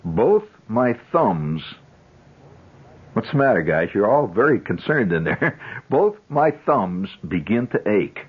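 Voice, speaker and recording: A man in his fifties spins a rambling yarn on the radio. His voice is low and husky but lively, leaping up and down in pitch, with chuckling asides. The sound is a dull, lo-fi 1970s broadcast. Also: slow pace. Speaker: radio host. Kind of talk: improvised radio storytelling.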